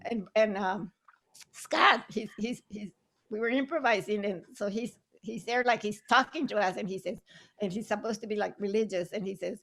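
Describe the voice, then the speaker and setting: An older woman from Southern Arizona, a playwright and actress, reminiscing casually on a video call, chatty and quick to laugh, slipping Spanish phrases into her English. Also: on the high side.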